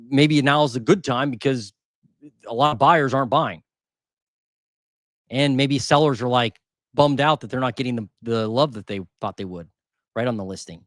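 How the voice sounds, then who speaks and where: A medium-pitched man hosting a housing market channel reads out market figures casually, thinking aloud and repeating numbers in live commentary. The recording is dry and sounds like a clean studio.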